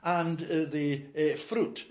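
An older male preacher delivers an expository sermon, reading a passage and then unpacking it phrase by phrase. His voice sits a little higher than most men's, and he stresses each point with measured emphasis. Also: fairly even intonation. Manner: reads scripture aloud, then explains it slowly and emphatically.

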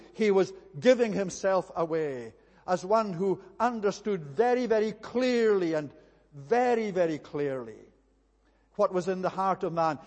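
A man delivers a sermon in a steady, earnest manner. His voice sits high for a man, and it rings out with a long reverb, as in a large church hall. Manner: earnest, measured preaching with occasional slips. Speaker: preacher.

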